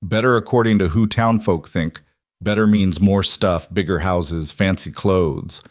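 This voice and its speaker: A man's voice: low-pitched, unhurried, dry recording, studio quality. A man voicing a plain-spoken, protective frontier trapper in a storybook reading. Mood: reflective.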